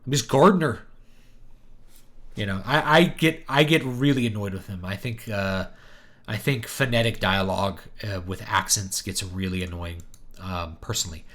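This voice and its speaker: A man hosting a writing livestream, answering chat questions in a halting, thinking-aloud way with many pauses. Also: sits low, fairly bright tone.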